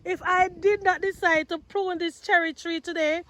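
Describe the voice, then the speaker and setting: A woman's voice: very high-pitched, fairly even intonation, normal speed, fairly bright tone, low-quality recording. A woman hosting a gardening vlog outdoors, chatting casually with her viewers and calling them guys and y'all. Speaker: gardening channel host.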